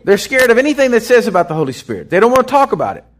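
This preacher's voice is very high-pitched and comes in rapid-fire bursts. Giving an unscripted sermon, he acts out voices with plenty of animation.

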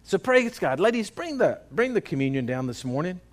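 A man's voice: sits high, big pitch swings, a little fast. A male pastor, preaching a sermon in a folksy, exhorting way.

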